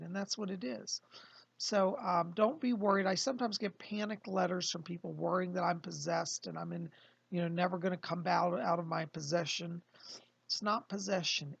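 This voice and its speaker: A man, a psychic medium, talking casually and calmly to his viewers from his home, explaining and reassuring. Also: high voice, vocal fry, husky, no room sound. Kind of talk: casual livestream talk.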